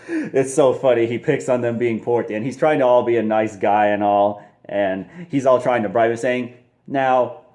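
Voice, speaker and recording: A man's voice: medium pitch, darkish tone. A man casually reviewing a movie, rambling with lots of fillers and frequent laughs.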